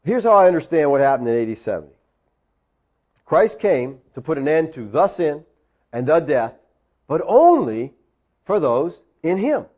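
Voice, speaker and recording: Man preacher, high-pitched, emphatic, teaching sermon full of rhetorical questions. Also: very animated, moderate pace, long pauses, darkish tone, muffled recording. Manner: emphatic, rhetorical questions, explains Greek words.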